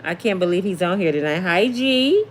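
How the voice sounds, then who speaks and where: A woman's voice: on the low side, expressive, moderate pace, slight background noise. Sassy chatty woman hosting a livestream. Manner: chatty, sassy, reads viewer comments aloud. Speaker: celebrity gossip livestream host. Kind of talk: casual livestream chat.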